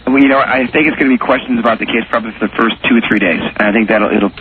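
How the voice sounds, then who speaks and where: Male phone-in guest, rambling and halting; quick and lowish, over a tinny phone line. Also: a crowd in the background. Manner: halting, rambling, with many restarts. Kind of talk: phone interview on talk radio.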